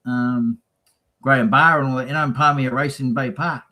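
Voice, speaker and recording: A man's voice: medium pitch, fairly even intonation, moderate pace, sharp tone, rough recording. A man, a racing team guest, chatting casually and acting out quotes in his stories. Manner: chatty storyteller, acts out quotes. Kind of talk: casual chat.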